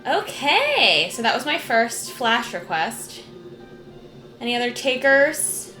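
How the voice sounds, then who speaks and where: A woman's voice: fairly high pitch, very animated, slow, bright, forceful tone. A woman streamer giving casual let's play commentary, chatty and gushing, with plenty of "like". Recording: roomy, game music behind.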